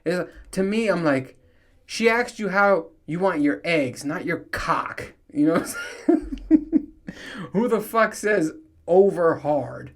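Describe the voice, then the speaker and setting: A man's voice: high voice, animated, slow. A man hosting his own podcast, ranting casually, swearing often and laughing at his own jokes. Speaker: podcast host. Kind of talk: casual solo podcast rant.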